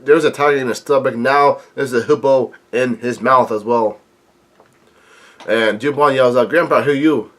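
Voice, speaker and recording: A man's voice: mid-range voice, a bit bright. A man hosting a reaction video, reading comic dialogue aloud and commenting, stumbling over words with frequent restarts. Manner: halting, frequent restarts and fillers.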